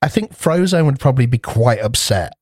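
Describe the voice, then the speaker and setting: A man rambles through a casual podcast chat, laughing often and swearing freely. His voice sits at an everyday middle pitch. The sound is dry and close. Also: lively intonation, brisk, a little mellow, no room sound. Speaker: podcast co-host.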